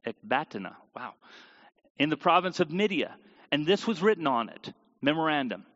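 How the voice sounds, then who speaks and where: A man preaching a sermon and reading scripture aloud, animated and sometimes tripping over hard names. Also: fairly high pitch, moderate pace. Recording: dull audio with long hall reverb.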